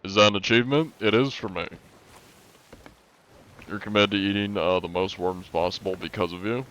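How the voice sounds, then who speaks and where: A young man talks in a loose, easygoing way while he plays, answering viewers' questions as they come in. His voice sits a little low. He sounds like a streamer chatting live. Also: fairly even intonation, normal speed, a bit bright. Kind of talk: casual live-stream gaming chat.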